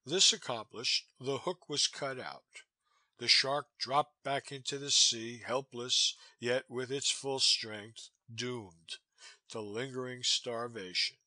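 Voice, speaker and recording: A man reading a classic novel aloud as a volunteer audiobook narrator, in a measured, expressive manner. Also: mid-range voice, no room sound. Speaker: audiobook reader.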